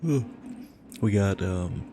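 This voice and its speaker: A man's voice: on the low side, lively intonation, slow pace, background noise. A sleepy, yawning man chatting casually while playing a game live, laid-back and swearing now and then. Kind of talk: casual live gameplay chat. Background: game music.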